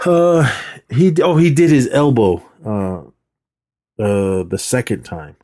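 A man's voice: mid-range voice, takes it slowly, warm tone. A man casually recapping a movie on a podcast, rambling and acting out the characters' lines. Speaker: podcast co-host.

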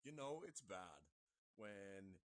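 A man's voice: sits low, animated, slow, dry recording. Foul-mouthed laughing man, dry close mic. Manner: profane, laughing anecdotes. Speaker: podcast guest. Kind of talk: casual storytelling chat.

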